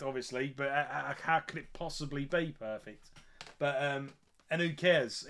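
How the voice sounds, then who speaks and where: A man's voice: medium pitch, pushed and bright. A man hosting a music channel, chatting casually and enthusiastically with lots of fillers and restarts. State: drinking beer. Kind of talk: casual chat.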